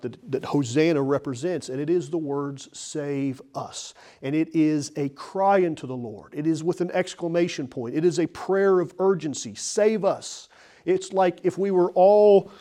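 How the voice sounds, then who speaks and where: A man preaching a sermon, earnest, building to urgent emphasis and clearing his throat now and then. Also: a little high, warm tone.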